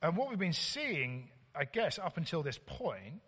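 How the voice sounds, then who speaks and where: A man preaching a sermon as a visiting preacher, conversational and halting, full of fillers and restarts. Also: a little high, huge pitch swings, fairly bright tone, husky, in a large hall.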